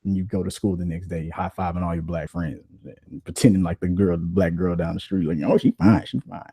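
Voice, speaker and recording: A man hosting a podcast in casual, profane, animated rants that ramble from point to point. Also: low voice, fairly quick, breathy edge, dry recording. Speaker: podcast host. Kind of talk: casual ranting chat.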